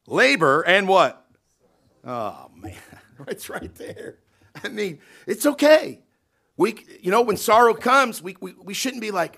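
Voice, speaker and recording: A man pastor preaching a sermon in a church, emphatic and folksy, swinging between loud, stretched-out lines and quiet asides while asking the congregation questions. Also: high-pitched, sing-song, slow pace, vocal fry, breathy edge. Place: church sanctuary.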